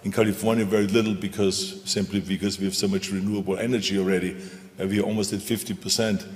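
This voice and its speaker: A man's voice: fairly low pitch, level tone, fast talker. A man speaking on a panel in an emphatic, repetitive, motivational way. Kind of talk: stage panel talk. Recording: reverberant hall.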